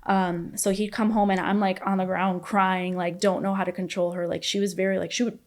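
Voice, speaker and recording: A woman's voice: medium pitch, level tone, normal speed. A woman in her thirties, a podcast guest telling her own story candidly, rambling and filling her speech with "like".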